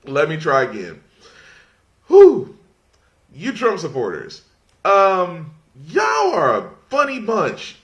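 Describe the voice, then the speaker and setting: A man talks through a casual podcast rant, his pitch rising and falling widely. He rambles, restarts sentences and keeps holding back laughter as he mocks what he is discussing. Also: huge pitch swings, slow, bright, forceful tone. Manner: mocking, fights off laughter. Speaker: podcast host.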